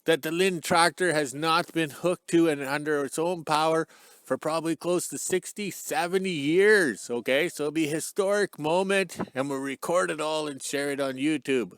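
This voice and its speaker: Out in the cold sunshine, a middle-aged Canadian channel host holds his camera on a stick and improvises a chatty, joking intro that keeps wandering off topic. His voice is a little high, fairly bright and clean, at normal speed with no room sound.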